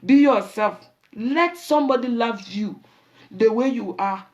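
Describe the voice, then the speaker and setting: Ghanaian lady hosting her show, preachy and lively, kinda high voice, slips into pidgin. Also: measured pace, lo-fi sound. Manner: animated, preachy, mixes Pidgin and Twi phrases. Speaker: show host. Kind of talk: casual talk show monologue.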